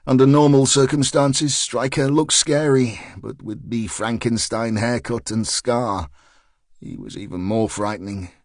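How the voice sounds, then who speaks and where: A man's voice: mid-range voice, unhurried, no room sound, clean studio sound. Man reading an audiobook mystery. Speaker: audiobook narrator. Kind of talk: scripted narration.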